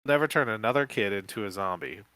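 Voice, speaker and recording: A man's voice: lowish voice, expressive, fast, sharp tone, smooth, dry recording, poor audio. A man voicing a determined uncle who hunts zombies and gives commands. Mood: commanding. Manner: commanding, encouraging. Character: determined adult male uncle, zombie hunter.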